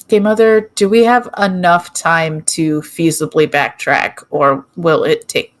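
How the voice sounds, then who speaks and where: Slow, blunt, swearing woman player. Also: on the low side, steady tone. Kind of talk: tabletop role-play chat.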